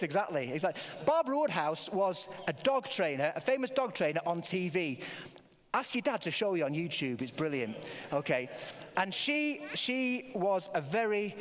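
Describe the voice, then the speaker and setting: Older male preacher, playful with kids, bright high animated voice, echoing church hall. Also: slight background noise. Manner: playful, quizzes the children, many restarts. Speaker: preacher leading a family service. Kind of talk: all-age church talk with a toy dog. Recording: long hall reverb.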